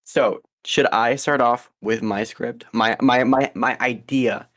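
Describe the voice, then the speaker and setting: A man's voice: mid-range voice, fairly even intonation, slow pace, fairly bright tone. A young man co-hosting a podcast, chatting casually and rambling with frequent ums and restarts. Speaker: podcast co-host. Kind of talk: casual chat.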